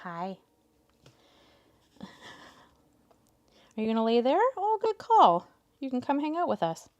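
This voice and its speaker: A woman hosting a casual crafting livestream, chatting with viewers and coaxing her cats in a soft voice. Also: fairly high pitch, expressive, takes it slowly. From Canada.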